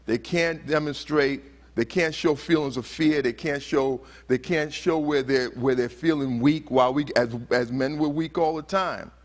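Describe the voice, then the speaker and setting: A man's voice: fairly high pitch, moderate pace, few pauses. A man giving a motivational talk at a conference. He asks the audience questions and acts out heated quotes. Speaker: conference speaker. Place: conference hall.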